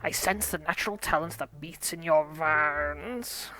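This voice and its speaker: Woman putting on a gruff old pirate swordsman. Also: low voice, a little slow, bright, forceful tone, soft background music. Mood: instructive. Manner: gruff, drawling pirate growl. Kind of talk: reading game dialogue aloud.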